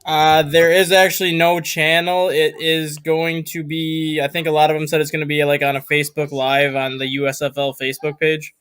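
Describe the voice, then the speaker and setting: Male sports talker, smooth bright voice, even delivery. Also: on the high side, normal speed, hardly any pauses. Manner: matter-of-fact, informative. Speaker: sports show co-host. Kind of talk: casual sports talk.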